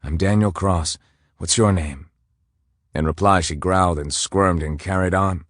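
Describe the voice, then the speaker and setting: A deep-voiced male audiobook narrator reads scripted romance, recorded with clean studio sound and no room sound.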